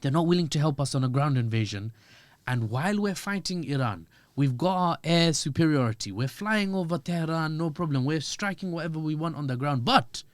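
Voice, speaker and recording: A man talks through his analysis as a podcast guest, animated and full of jokes and asides. His voice sits on the high side for a man, and the recording is close and dry. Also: no echo. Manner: animated, joking, quick asides. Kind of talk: podcast discussion.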